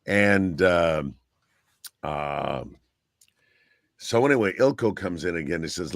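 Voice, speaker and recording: Deep-voiced man telling rambling stories. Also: expressive, slow, pauses often, dry recording, clean studio sound. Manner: rambling storyteller, often saying "so anyway". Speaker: guest radio personality. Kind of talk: casual anecdotal chat.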